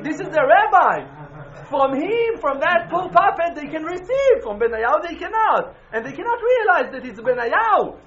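A man's voice: very high voice, muffled recording. Emphatic preacher man, English. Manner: emphatic, swings from loud exclamations to quiet intensity. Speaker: Breslov Hasidic teacher. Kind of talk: impassioned religious talk.

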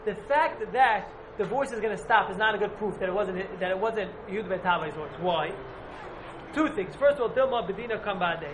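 A man's voice: high voice, fairly quick, noisy background. A man teaching a casual Talmud class to a few students, rambling and repeating himself as he explains. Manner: rambling, repeats and hedges often. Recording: echoey room.

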